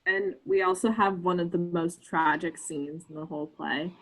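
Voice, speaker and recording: A woman's voice: lowish voice, steady tone, moderate pace, rough recording. A young woman, drunk, earnestly explaining a tragic scene of a play with hesitant fillers. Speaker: drunk narrator. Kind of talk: tipsy comic retelling of a play.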